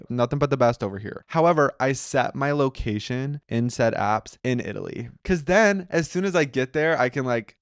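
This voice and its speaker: Chatty young American man, smooth and dry. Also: medium pitch, no room sound. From United States. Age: young adult. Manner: chatty and animated, heavy use of "like". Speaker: podcast host. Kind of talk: casual solo chat.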